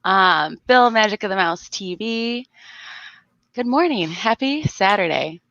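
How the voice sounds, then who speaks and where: A woman's voice: mid-range voice, expressive, measured pace, a bit bright, dry recording, highs cut off. A woman from South Florida hosting a casual livestream and greeting her viewers by name. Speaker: livestream host.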